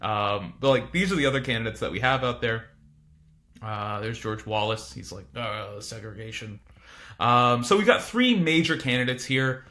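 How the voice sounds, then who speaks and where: A man's voice: mid-range voice, lively intonation, moderate pace, sharp tone. A man teaching a casual recorded history lecture, informal and chatty with frequent asides.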